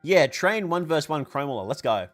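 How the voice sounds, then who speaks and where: A man's voice: fairly high pitch, very animated, brisk, faint music behind. A tired man hosting a livestream, reading chat questions aloud. He rambles, swears casually and laughs often, and his voice is wearing thin. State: tired, voice weakening. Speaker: livestream host answering chat.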